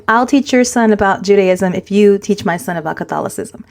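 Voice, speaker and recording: A woman in her forties co-hosting a casual podcast chat, telling animated stories and slipping Spanish words into her English. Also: medium pitch, a little fast. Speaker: podcast co-host.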